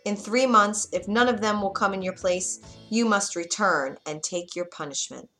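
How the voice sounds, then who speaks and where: This is a huge, fearsome male beast in a storybook, roaring and stern, played by a woman reading aloud. His lines come louder and slower than the narration. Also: medium pitch, faint music behind, natural voice.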